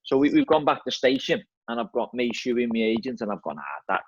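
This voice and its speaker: Fast-talking Scouse man, husky voice. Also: medium pitch, sing-song, dry recording. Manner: chatty, repeats words, says "mate" and "you know what I mean". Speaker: football manager guest. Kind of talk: casual storytelling chat. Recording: slightly dull, dry lo-fi audio.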